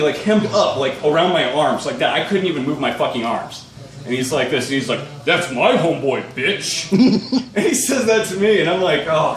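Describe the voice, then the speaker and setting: A young man telling a rambling, profane personal anecdote, laughing through it as he goes. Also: on the high side. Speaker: storyteller. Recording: echoey room, distant mic, faint noise.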